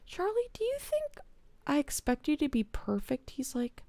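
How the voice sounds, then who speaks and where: Lively, gravelly young woman streamer. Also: medium pitch, normal speed, no echo. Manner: animated, drops to a whisper when quoting a child. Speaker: streamer and theater teacher. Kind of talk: casual storytelling while gaming. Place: home streaming setup.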